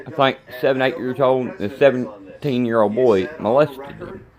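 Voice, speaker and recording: A man's voice: mid-range voice, normal speed, hardly any pauses. A middle-aged man, ranting angrily and repetitively to the camera. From Kentucky. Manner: agitated, repetitive, plain-spoken. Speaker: vlogger. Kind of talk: angry rambling rant to camera.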